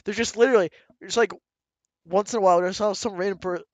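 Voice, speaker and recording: A man's voice: high-pitched, steady tone, fast talker, darkish tone, dry recording. A man co-hosting a podcast in casual chat, crude and rambling, laughing often. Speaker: podcast co-host. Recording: dull lo-fi sound.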